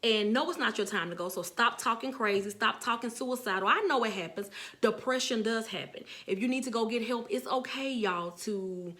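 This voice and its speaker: A woman's voice: a little high, moderate pace, fairly bright tone. A middle-aged woman casually preaching to viewers as a motivational speaker, earnest and encouraging, often repeating herself for emphasis.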